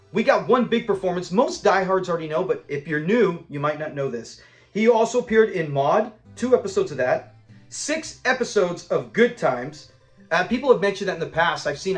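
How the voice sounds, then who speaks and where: High-voiced enthusiastic male show reviewer. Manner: enthusiastic, rambling fan talk. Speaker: host of a show-review channel. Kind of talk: casual episode breakdown commentary.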